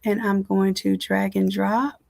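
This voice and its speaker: A woman design instructor giving a casual, chatty live software tutorial from home, talking straight to her viewers. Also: medium pitch, level tone, unhurried, gravelly.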